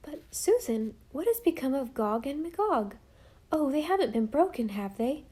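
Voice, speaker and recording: A woman voicing a gentle, affectionate young mother, in a mellow, soft tone. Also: high-pitched, very animated, normal speed, voice pushed up. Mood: tender.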